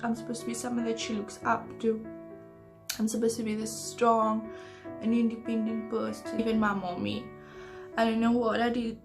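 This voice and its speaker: Creaky-voiced young woman, hesitant confession. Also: a little high. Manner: hesitant, earnest confessional talk. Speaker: vlogger. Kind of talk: personal storytime vlog.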